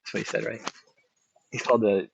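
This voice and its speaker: A man's voice: lowish voice, level tone, brisk, vocal fry, a little hiss or hum. A man talking hesitantly in a casual voice chat, with many filler words and restarts, through a dull, lo-fi mic.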